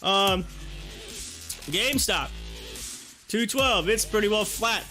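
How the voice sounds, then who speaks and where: A man's voice: high-pitched, slow pace, bright, forceful tone, soft background music. A man hosting a stock market livestream in casual chat, joking and laughing often while eating as he talks.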